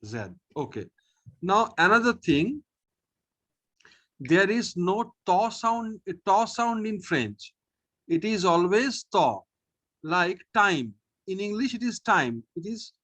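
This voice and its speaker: Man, French teacher, slow and patient, lively rising and falling pitch, slightly husky. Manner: slow, patient, repeats each sound, often says okay. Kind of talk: online language lesson.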